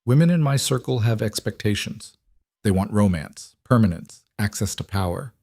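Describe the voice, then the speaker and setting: A man's voice: lowish voice, lively intonation, normal speed, vocal fry, darkish tone, dry recording, studio quality. A man voicing a cold, blunt mafia boss husband who speaks in curt, matter-of-fact commands in an audiobook reading. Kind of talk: audiobook narration.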